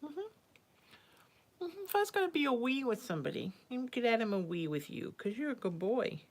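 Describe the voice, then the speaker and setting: A woman's voice: on the high side, big pitch swings, a little fast, darkish tone. A woman psychic hosting a casual livestream from home. She chats with viewers and coos sing-song baby talk to her cat.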